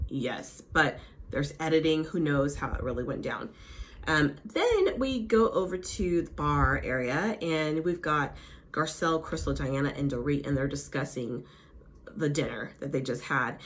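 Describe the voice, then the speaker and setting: A woman's voice: low-pitched, animated, moderate pace, a little hiss or hum. A woman vlogger recapping a reality show in casual, gossipy chat. Her voice swoops up and down with animation. She reacts freely as she goes. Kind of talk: casual chatty recap with impressions.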